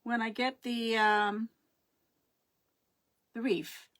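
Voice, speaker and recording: A woman's voice: a little high, little pitch movement, extremely slow, a bit bright, slight background noise. A middle-aged woman hosting a casual live craft stream, rambling and chatty, often losing her words and greeting her viewers.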